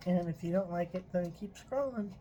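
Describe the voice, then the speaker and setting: In an emotional personal vlog monologue, a woman does a tarot reading, sounding earnest and frustrated and pausing now and then to apologize. Her voice is mellow and on the low side, a little fast, and the low-quality recording has slight background noise.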